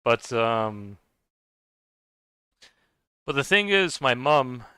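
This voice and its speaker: A man's voice: medium pitch, big pitch swings, drawn-out words, sharp tone, clear, resonant tone, no echo. A young man hosting a game stream, chatting casually with viewers in a rambling way, full of fillers, restarts and frequent laughs. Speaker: gaming livestream host. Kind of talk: casual chat with live viewers.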